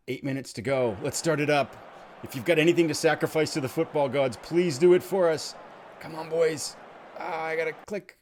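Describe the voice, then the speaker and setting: A man hosting a let's play, thinking aloud as he plays and swinging from quiet muttering to loud excited cheering. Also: medium pitch. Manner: chatty, thinks aloud while clicking. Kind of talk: game commentary.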